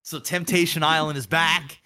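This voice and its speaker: A man co-hosting a casual podcast, telling stories with animated swings and profane acted-out quotes. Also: moderate pace, very noisy. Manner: animated storytelling, acting out quoted people in bursts of pitch, profane. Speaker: podcast co-host.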